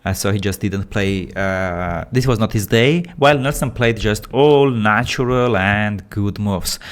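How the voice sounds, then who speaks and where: A man with phrasing giving excitable, animated live commentary on a chess game. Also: fairly low pitch, measured pace. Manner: animated, excitable, with non-native English phrasing.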